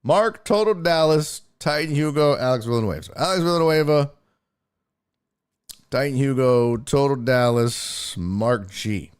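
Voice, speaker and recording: A man hosting a casual sports live stream, talking in an animated, incredulous way and swearing freely. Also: mid-range voice, a little slow, clear, resonant tone. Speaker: sports show host and streamer.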